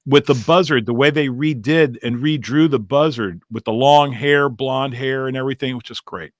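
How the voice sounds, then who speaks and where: A middle-aged man, a comedian hosting a podcast, telling stories in a lively, laughing way. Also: medium pitch, moderate pace, no echo, clean studio sound. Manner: animated, laughing, acts out quotes. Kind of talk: casual storytelling interview.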